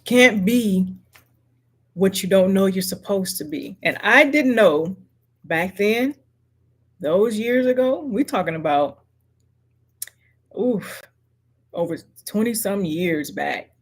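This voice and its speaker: A middle-aged woman with a medium-pitched, slightly rough voice hosts a motivational live stream from close to the mic. Slow and earnest, she keeps circling back to each affirmation like she's speaking to one person.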